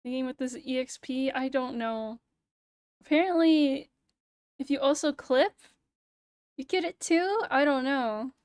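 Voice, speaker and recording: High, smooth-voiced woman ranting on stream. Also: a little slow, pauses often, dry recording, clean studio sound. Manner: ranting, sarcastic, swears a lot. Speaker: VTuber streamer. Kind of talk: casual livestream chat.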